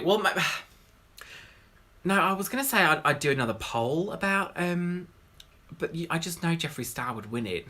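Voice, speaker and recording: A man's voice: mid-range voice, sharp tone. A man, a drag queen, hosting a casual livestream Q&A, rambling and greeting viewers by name.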